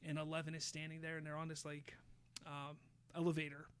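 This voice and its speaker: A man hosting a podcast, casually retelling a show's plot with lively, swear-laden storytelling. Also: on the high side, fairly quick, clear, resonant tone. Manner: animated storyteller, swears freely, acts out quotes. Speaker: podcast host.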